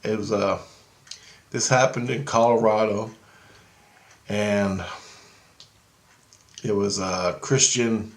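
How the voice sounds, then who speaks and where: A man telling a story in casual, rambling style, growing excited and swearing freely. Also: on the low side. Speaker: vlogger.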